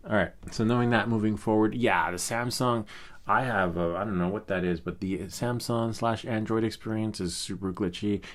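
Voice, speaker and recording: Deep-voiced man rambling through a tutorial. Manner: rambling, chatty, with many fillers and asides. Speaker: tech tutorial host. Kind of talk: casual screen-recorded tutorial.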